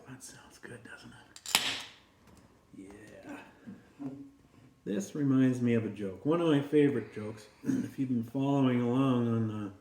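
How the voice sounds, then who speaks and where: A man's voice: mid-range voice, vocal fry, warm tone. A man hosting his own beer-tasting channel, chatty and easygoing as he reviews a beer and sets up a joke. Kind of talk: casual beer-review vlog with jokes. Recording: roomy echo.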